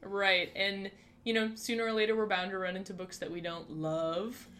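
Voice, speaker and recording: A woman's voice: mid-range voice, fairly even intonation, normal speed, fairly bright tone, a little hiss or hum. A woman co-hosting a casual book podcast, joking and laughing often. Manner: giggly, joking. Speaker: podcast co-host.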